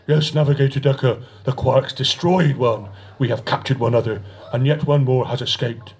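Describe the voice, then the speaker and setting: Man playing a sullen brutish alien grunt, husky rumble, insincerely deferential and hungry to destroy. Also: moderate pace, darkish tone.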